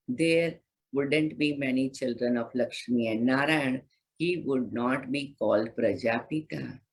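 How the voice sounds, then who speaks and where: A woman who is a spiritual teacher, reading scripture slowly and gently and adding her own commentary in a devotional talk. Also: rumbling low, husky, rough recording. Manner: gentle, unhurried, guiding listeners through meditation.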